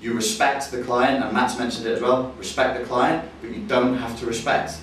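Trainer: man, animated storyteller, room reverb heavy, mic at a distance. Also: mid-range voice, moderate pace, slight background noise. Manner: animated, jokey, acts out voices and screams. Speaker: NLP trainer. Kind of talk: lively teaching with acted-out stories.

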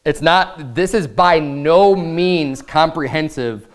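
A man's voice: fairly high pitch, slow pace. An American man preaching a sermon as pastor, reading scripture aloud and building in intensity.

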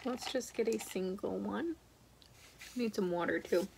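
Young woman, book vlogger, casual gushing chat, gravelly voice, medium pitch, steady background noise. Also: unhurried. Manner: chatty, gushing, trails off and restarts often.

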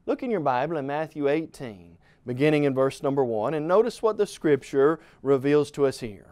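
A man's voice: on the high side, a little mellow, clean tone, no echo. A middle-aged man preaching a televised Bible lesson in an earnest, emphatic way, calling the listener "friend" and swelling in volume.

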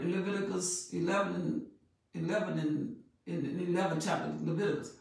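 A woman preaching a sermon in an emphatic, repetitive way that builds in loudness. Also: lowish voice, fairly even intonation, fairly quick, gravelly. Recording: very echoey room, voice far from mic.

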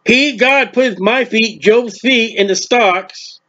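A man's voice: very high voice, slow pace, bright, forceful tone, lo-fi sound. A man preaching a sermon, reading scripture aloud and explaining it in a plain-spoken, emphatic way.

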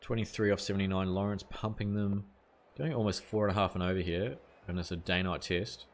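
Young New Zealand man, lowish voice, casual gaming streamer, reads chat aloud, light swearing. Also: fairly even intonation, a little fast, slight background noise. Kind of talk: live gameplay commentary, chatting with viewers.

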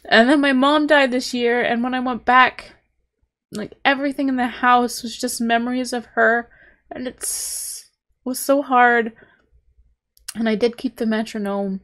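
A woman's voice: a little high, steady tone, a little slow, fairly bright tone. A young woman streaming a game, talking casually and emotionally, trying to compose herself while swearing and laughing through tears. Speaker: streamer playing a narrative game. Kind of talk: casual let's-play commentary.

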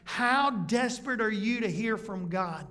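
High-voiced preacher in an echoing church. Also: male voice, expressive, measured pace, pushed and bright. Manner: conversational preaching, rhetorical questions. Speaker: pastor. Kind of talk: sermon. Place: church sanctuary. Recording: church hall reverb.

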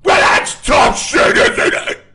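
A man playing a shrill, cackling, insulting evil clown who hosts a live call-in show. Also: slow, reverberant, crowd noise, close to an everyday voice. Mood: taunting. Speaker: host.

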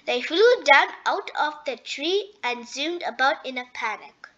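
A woman reading a children's storybook aloud, gentle and expressive. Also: high-pitched, a little slow, lo-fi sound. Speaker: storybook reader. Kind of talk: children's read-aloud narration.

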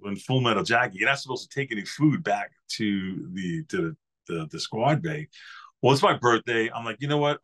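A man's voice: medium pitch, fairly bright tone. A man in his fifties from New York, a podcast guest telling easygoing, rambling stories about his years as a Marine. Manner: rambling anecdotal storyteller, easygoing. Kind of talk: casual interview storytelling.

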